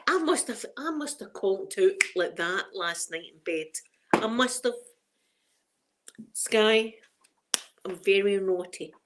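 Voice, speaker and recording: A middle-aged woman from Scotland chats casually on a live stream, greeting viewers by name. She is emotional and laughs easily. Her voice is medium-pitched, and there's a little hiss or hum in the recording.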